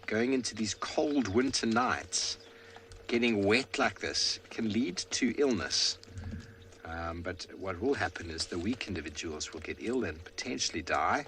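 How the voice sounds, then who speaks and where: A man guiding a live safari drive from an open vehicle in the rain, explaining the wildlife in a relaxed way with fillers. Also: lowish voice, a little hiss or hum. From South Africa. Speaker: safari field guide. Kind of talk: live game drive commentary.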